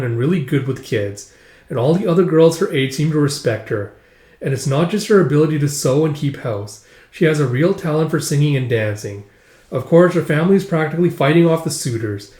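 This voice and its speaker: A man's voice: fairly high pitch, darkish tone. Chatty man recapping a comic, echoey. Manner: chatty, retelling with "it's like". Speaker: manga reviewer. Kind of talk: casual reading recap. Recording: echoey room.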